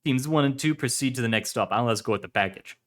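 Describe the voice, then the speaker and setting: A man's voice: mid-range voice, fast talker, a bit bright, natural voice. A man voicing a young male cop, giving curt, clipped orders. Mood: commanding.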